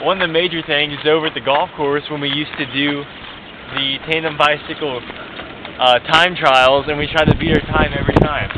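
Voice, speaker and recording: A young man outdoors at a golf course, rambling through old memories in a birthday shout-out. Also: on the high side, fairly even intonation, fairly quick. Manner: rambling, reminiscing with fillers. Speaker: friend sending birthday wishes. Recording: dull audio, loud wind noise outdoors.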